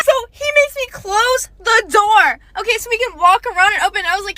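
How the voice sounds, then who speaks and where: Young woman, casual storytime, very high voice, animated and quick. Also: raised voice, a little hiss or hum. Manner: animated and fast, with frequent "like" and "okay".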